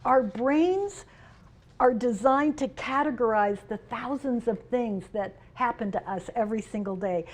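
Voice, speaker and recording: A middle-aged woman speaks at a conference, with a fairly high voice. She is humorous and expressive, swinging between loud, playful asides and quieter serious points. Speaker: union president giving a keynote. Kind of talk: conference speech with personal stories. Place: conference hall.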